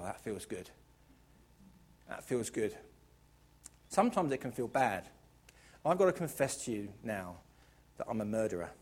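A man preaching a lively sermon in church, joking playfully and moving between hushed asides and loud, emphatic calls to the congregation. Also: medium pitch. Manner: playful, jokey and expressive, swinging from hushed to loud.

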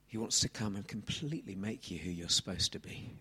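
An Englishman in his thirties preaches a sermon into a handheld mic, animated and shifting between soft asides and loud exclamations. His husky voice sits on the low side, and he speaks a little fast.

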